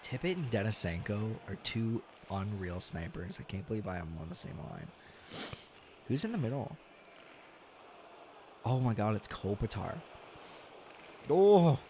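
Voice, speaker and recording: A young man streaming a hockey video game, casually commenting, swearing a lot and yelling at big plays, tired and yawning. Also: on the low side, normal speed, noisy background. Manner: excitable, swears often, yells at big plays. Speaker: gaming streamer.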